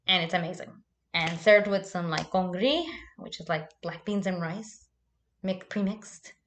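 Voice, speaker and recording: A woman's voice: mid-range voice, fairly bright tone. Chatty young woman, swearing, laughing. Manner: chatty and loose, swears freely, laughs often. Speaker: vlogger hosting a live chat. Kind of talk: casual livestream chat.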